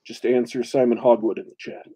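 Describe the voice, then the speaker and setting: A man's voice: mid-range voice, level tone, a little fast, warm tone, breathy edge. A man co-hosting a casual chat, rambling, laughing often and restarting his sentences. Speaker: podcast co-host. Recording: lo-fi, dull sound.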